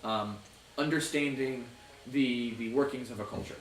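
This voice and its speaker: A man's voice: mid-range voice, moderate pace, reverberant, recorded from a distance, slight background noise, poor audio. Hesitant young man explaining, off mic. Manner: hesitant, many fillers and restarts. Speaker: host. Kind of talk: casual chat, explaining.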